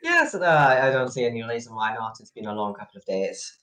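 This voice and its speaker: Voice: mid-range voice, sing-song, a little fast, sharp tone, rough recording. A player voicing a flustered, evasive male professor who stammers and hesitates. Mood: hesitant. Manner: hesitant, full of stammers and fillers.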